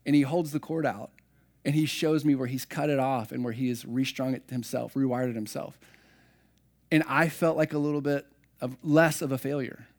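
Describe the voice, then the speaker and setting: A man's voice: medium pitch, fairly even intonation, normal speed, a little mellow. A middle-aged man preaching a sermon, telling personal stories in a conversational, self-deprecating way. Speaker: pastor.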